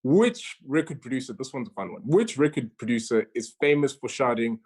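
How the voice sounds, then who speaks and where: A woman's voice: rumbling low, expressive, brisk, hardly any pauses, a little mellow, breathy edge. A woman hosting an online quiz over a video call, chatty and stumbling over her words as she reads each question twice. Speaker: quizmaster.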